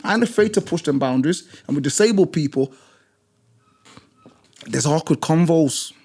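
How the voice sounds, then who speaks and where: A man's voice: a little high, lively intonation, normal speed, a little mellow. Emphatic, blunt British man. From Britain. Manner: emphatic, blunt, repeats phrases for force. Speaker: disability gym instructor. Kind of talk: passionate storytelling in conversation.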